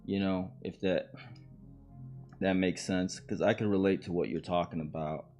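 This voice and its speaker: A man's voice: sits low, steady tone, normal speed, a little mellow, soft background music. A man hosting a live-streamed podcast, joking and reacting to clips in a casual, slangy way. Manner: uses slang and swearing. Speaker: podcast host.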